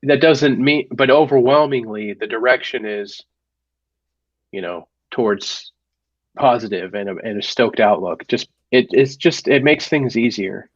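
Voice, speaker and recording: Halting, earnest man on a dull mic. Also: mid-range voice, no room sound. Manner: halting, stammers and restarts, earnest. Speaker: podcast co-host. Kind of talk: casual chat.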